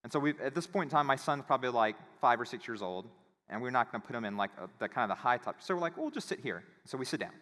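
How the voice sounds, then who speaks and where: Man, conference speaker, animated storytelling, middle pitch, long hall reverb. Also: very fast. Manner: animated, acts out quoted voices. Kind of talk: casual storytelling talk.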